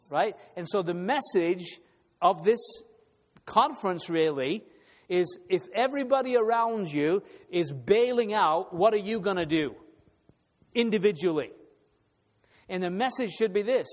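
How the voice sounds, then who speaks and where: A man's voice: high voice, animated, unhurried. Emphatic male preacher in a reverberant hall. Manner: emphatic, repeats key phrases. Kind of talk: sermon. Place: conference hall.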